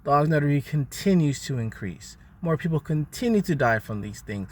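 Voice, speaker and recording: A man's voice: on the high side, expressive, normal speed. A man, the host of his own channel, delivering a repetitive, contemptuous rant that stumbles over its words. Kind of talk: ranting monologue.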